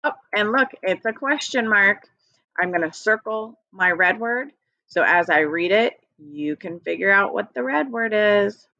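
A slow, patient woman teaching young children, spelling words letter by letter in an encouraging tone. Her voice is dry and close, with a slightly dull, lo-fi sound. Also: mid-range voice, animated, creaky, pushed and bright, no echo. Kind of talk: recorded early-grade phonics lesson. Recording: dry, dull lo-fi home recording.

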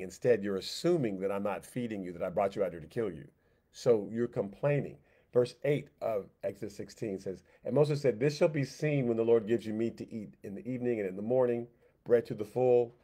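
A man teaching a Sunday school Bible lesson in a conversational way, repeating phrases and slipping into quick voiced asides for God and the complaining people. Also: mid-range voice, a little mellow.

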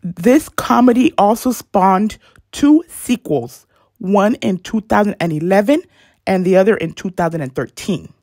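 This YouTube narrator tells a celebrity's life story in a chatty way, tossing casual remarks to viewers and getting a bit awkward about censored words. Her medium-pitched voice has a darkish tone, lively intonation, and a slightly slow pace. The clean studio audio carries no room sound.

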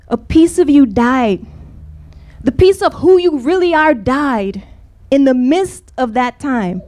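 A woman preacher delivering an impassioned sermon, driving her points home with repeated refrains. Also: very high-pitched.

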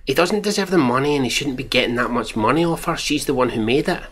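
A man's voice: medium pitch, expressive, fast talker, fairly bright tone, slight background noise. A Scottish man giving mocking, profane reaction commentary while reading out tweets. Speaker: commentary channel host.

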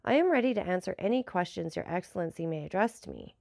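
A woman's voice: lowish voice, expressive, fast, vocal fry, darkish tone, no echo, studio quality. A woman reading the lines of a grateful, deferential bandit messenger in an audiobook, recounting events. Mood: deferential, telling. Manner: deferential, explaining.

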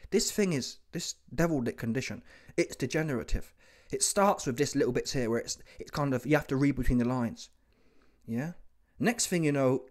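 Streetwise man riffing on camera. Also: fairly high pitch. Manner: streetwise slang, asks "yeah?" constantly; playful, teasing, laughs often. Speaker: comedy reaction host. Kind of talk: comedic monologue.

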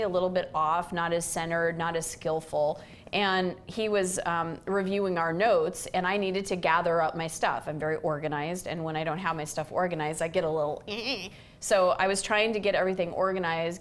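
A middle-aged woman hosting a casual chat, telling an everyday story and acting out the quotes with animation. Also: fairly low pitch. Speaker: host. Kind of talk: casual chat about relationships.

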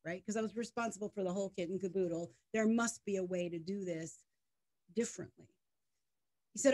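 A middle-aged woman, a tech startup co-founder, talking as an interview guest in an emphatic, animated storytelling way. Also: medium pitch, brisk. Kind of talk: conversational interview.

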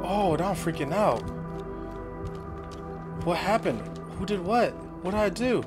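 A man's voice: sits high, lively intonation, a little slow, over music. A young man hosting a horror game playthrough, chatting casually and exclaiming often. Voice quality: jumpy, exclaiming and talkative. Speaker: gaming video host. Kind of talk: casual let's-play commentary.

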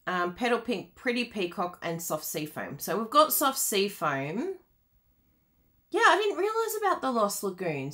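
Bubbly bright-voiced woman demonstrating crafts. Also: mid-range voice. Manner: chatty, laughs often, reads out viewer comments. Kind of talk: live card-making tutorial.

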